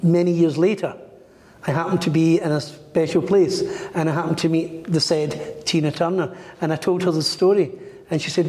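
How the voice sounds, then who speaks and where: A man's voice: a little high, steady tone, moderate pace, a little mellow. A middle-aged man working as a medium, telling a story in an interview and acting out the voices of the people in it. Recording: echoey room with long reverb.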